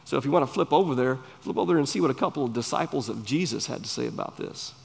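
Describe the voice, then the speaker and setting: A man with a Southern US accent, preaching a sermon in an earnest, emphatic way with pauses between phrases. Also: medium pitch, animated, gravelly, husky. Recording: long hall reverb.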